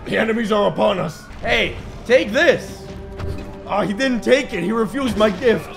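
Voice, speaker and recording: A man giving jokey, excitable commentary while playing a video game, yelping and shouting when he panics. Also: high voice, moderate pace, vocal fry. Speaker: gaming YouTuber. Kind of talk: gameplay commentary. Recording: game music behind voice.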